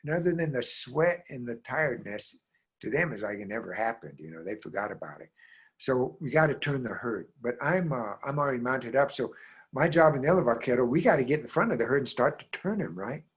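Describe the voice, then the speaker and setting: A man from the American Southwest, a storyteller performing a tale aloud, speaking straight to his listeners and swinging from hushed lines to loud bursts. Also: medium pitch, animated, fairly quick, husky. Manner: talks straight to listeners with frequent "right?".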